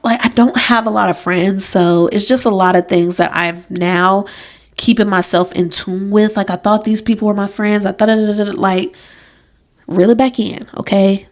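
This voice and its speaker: A woman's voice: mid-range voice, steady tone, moderate pace. A young woman hosting a casual solo podcast from a room in her home, chatty and emphatic, laughing at herself. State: pregnant. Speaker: podcast host.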